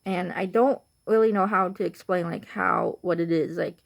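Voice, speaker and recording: A woman's voice: on the low side, normal speed, gravelly. A young woman with a Chicago accent, just woken up and tired, chatting to camera in a rambling way full of fillers. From Chicago, Illinois. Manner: rambling, many fillers like "like" and "you know". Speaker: vlogger. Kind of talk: casual rambling chat to camera.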